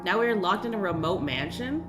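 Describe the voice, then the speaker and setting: Young woman rambling on a game stream, pitch bouncing all over, laughs a lot. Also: expressive, music in the background. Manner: chatty, rambling, quick to laugh. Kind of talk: casual game-stream chat.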